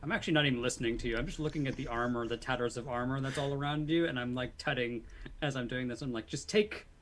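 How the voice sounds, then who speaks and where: A man's voice: medium pitch, fairly even intonation, very fast, fairly bright tone. A man at a tabletop game, talking through what his character does. His delivery is dry and sardonic, with a mid-range voice. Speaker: player.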